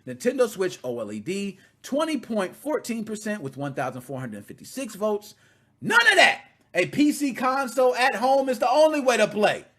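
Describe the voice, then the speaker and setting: Guy hosting a gaming podcast, kinda high voice, swings up and down a lot, gets shouty and heckles. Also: normal speed. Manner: animated, shouts and heckles when excited. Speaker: podcast host. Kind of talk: casual gaming podcast rant.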